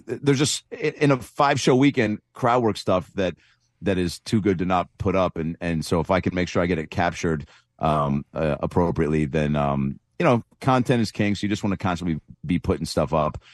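A man's voice: low voice, dry recording, studio quality. A man on a radio talk show, a comedian chatting casually in a rambling way, with lots of fillers. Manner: rambling, laughs often, does quick voices. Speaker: comedian guest.

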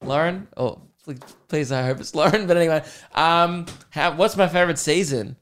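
A man's voice: fairly high pitch, moderate pace, a bit bright. A young man hosting a comedy podcast, ranting with self-mocking humor and lots of swearing. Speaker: podcast host. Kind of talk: casual comedic rant.

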